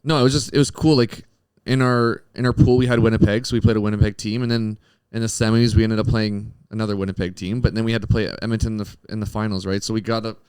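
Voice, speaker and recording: A man with a lowish, smooth, clean voice talks sports in a relaxed way. He is easygoing and agreeable, and is recorded dry and close. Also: fast, few pauses, no room sound. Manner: easygoing, agreeable, short backchannels. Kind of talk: casual sports chat.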